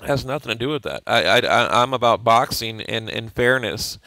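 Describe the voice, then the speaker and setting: A man's voice: mid-range voice, lively intonation, moderate pace, creaky, pushed and bright, no room sound. A man hosting a boxing show, talking casually and bluntly over fight footage, swearing often and restarting his sentences. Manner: blunt, profane, repeats words and restarts.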